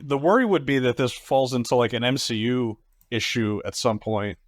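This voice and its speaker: A man's voice: mid-range voice, moderate pace, no echo, studio quality. A man chatting casually as a podcast host, thoughtful and analytical. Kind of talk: casual chat.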